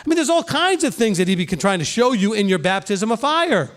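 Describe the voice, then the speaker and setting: This sermon comes from a middle-aged male pastor whose voice is notably high and fairly bright, with big pitch swings. He teaches plainly and conversationally, earnestly checking in with a quick "okay?"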